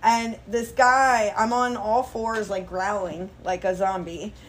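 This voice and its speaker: A woman in her thirties, a guest model chatting casually, telling lively stories with swearing and acted-out quotes. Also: mid-range voice, slow, slight background noise. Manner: animated storyteller, swearing, acting out quotes. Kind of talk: casual chat.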